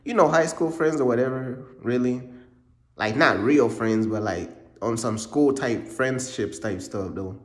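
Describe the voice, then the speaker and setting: A man's voice: medium pitch, a little slow. A young man from Uganda telling a casual storytime in a slangy, repetitive way, dropping in "bro" all the time. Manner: slangy, repeats points, drops in "bro" often. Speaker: vlogger. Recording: roomy echo.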